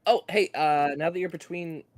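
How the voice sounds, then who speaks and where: A man's voice: on the high side, normal speed, dry recording. A man chatting casually on a stream and reading out viewers' jokes. He giggles through his own readings and apologises when he stumbles over a line. The sound is dry and close. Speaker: guest reading chat jokes.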